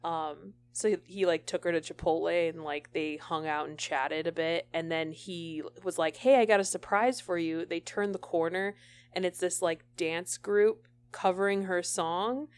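A woman's voice: lowish voice, moderate pace, a little mellow, clean tone. A young woman co-hosting a podcast, telling stories in an enthusiastic, chatty way. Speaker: podcast co-host. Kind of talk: casual chat.

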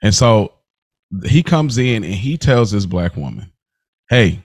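A man with a lowish, sing-song voice and darkish tone co-hosts a podcast, reviewing a TV episode in casual chat. His manner is laid-back and slangy, full of laughs and quick restarts. It's studio-quality audio with no room sound.

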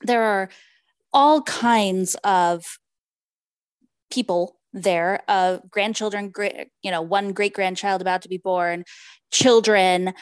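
A woman's voice: medium pitch, fairly even intonation, slow, clean tone, dry recording. A woman co-hosting a book podcast, chatting casually, recapping the plot and reading passages from a novel aloud. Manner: apologizes for her Spanish pronunciation. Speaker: podcast co-host.

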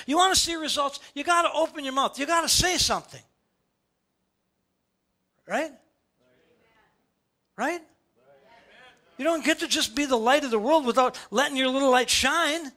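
Brief: animated pastor, very high, bright voice, playful sermon delivery. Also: male voice, moderate pace, long pauses. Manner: animated and playful, with lots of rhetorical questions. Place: church.

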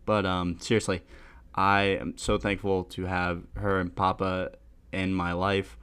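A man's voice: low-pitched, little pitch movement, unhurried, fairly bright tone, clean tone. A young man hosting a podcast, rambling casually and laughing at himself. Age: young adult. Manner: rambling, self-deprecating, laughs often. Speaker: podcast host.

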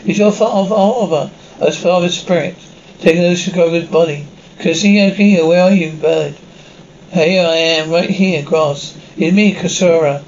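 Guy reading out captions and sound cues, kinda high voice, muffled lo-fi audio. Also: a little mellow. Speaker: reader of captions. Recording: dull lo-fi recording with faint hiss.

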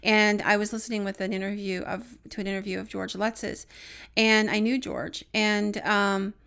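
A woman's voice: mid-range voice, fairly even intonation, normal speed, gravelly, a bit bright, clean tone. A woman co-hosting a podcast, chatting casually and telling stories with plenty of fillers. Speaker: podcast co-host, paranormal investigator.

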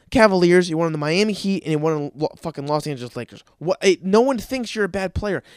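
A man's voice: on the high side, darkish tone, no room sound. A man who works at a restaurant, delivering a profane, exasperated rant full of stammers and restarts. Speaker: restaurant server. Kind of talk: ranting comedic monologue.

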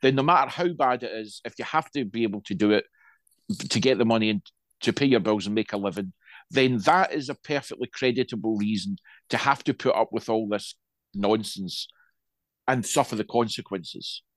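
A man's voice: on the low side, moderate pace, no echo. A man co-hosting a casual chat, rambling with many restarts and asides. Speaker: podcast co-host.

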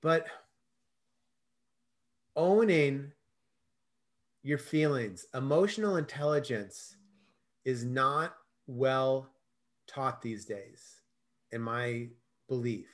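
A man's voice: medium pitch, drawn-out words, long pauses. A middle-aged man, a guest in an interview, telling stories expressively and acting out the dialogue. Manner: expressive storyteller, acts out dialogue. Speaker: guest, self-love coach. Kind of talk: animated conversational interview.

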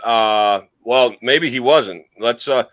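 A man's voice: mid-range voice, takes it slowly, a bit bright, no echo, low-quality recording. A man co-hosting a casual comedy podcast, swearing freely and making colorful folksy comparisons. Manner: folksy swearing with colorful comparisons, mock cowboy drawl at times. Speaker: podcast co-host.

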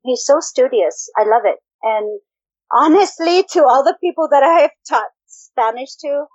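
A woman's voice: high-pitched, animated, normal speed, no echo. Playful teasing woman on a lo-fi podcast. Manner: playful, teasing, laughs often, swears, mixes in Spanish phrases. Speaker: podcast co-host. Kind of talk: casual podcast chat. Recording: dull lo-fi recording.

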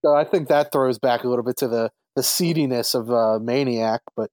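A man's voice: medium pitch, brisk, a little mellow, dry recording. A man co-hosting a podcast, chatting casually about a film in an easygoing, slightly hesitant way. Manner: easygoing, hesitant, laughs along. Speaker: podcast co-host. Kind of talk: casual film review chat.

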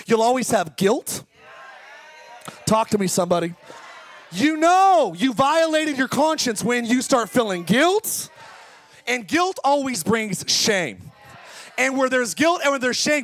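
A male pastor preaching an impassioned sermon that swings between fast talk, slow drawn-out words and shouting. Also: extremely high pitch. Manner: impassioned preaching, often shouting, sudden speed changes. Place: church service.

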